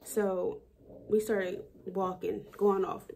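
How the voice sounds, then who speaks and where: Woman, gravelly, dark tone, reflective video diary, rambling with fillers. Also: mid-range voice, flat delivery, takes it slowly, slight background noise. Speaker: vlogger. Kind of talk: personal daily video diary.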